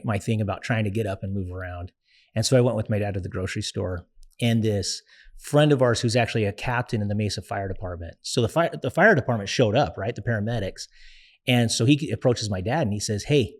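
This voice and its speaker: A young adult man, a guest in an interview, telling a personal story in an earnest, reflective way with frequent pauses and fillers. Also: on the low side.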